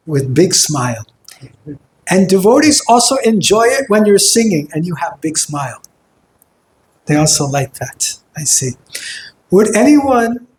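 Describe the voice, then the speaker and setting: In a hall with roomy echo, a male kirtan teacher lectures a workshop group and sings vowels to show them the sounds. His voice is high-pitched but has a darkish tone.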